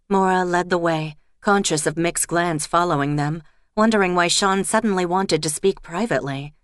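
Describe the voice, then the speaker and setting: Low-voiced woman reading an audiobook. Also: normal speed, clean tone, no echo, studio quality. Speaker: audiobook narrator. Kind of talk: scripted narration.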